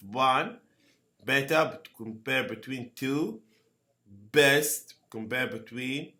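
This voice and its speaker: A man teaching a grammar lesson. He speaks slowly, repeats each word and keeps asking "okay?". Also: mid-range voice, bright, forceful tone. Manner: slow, repeats words and asks "okay?" often. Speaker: English teacher.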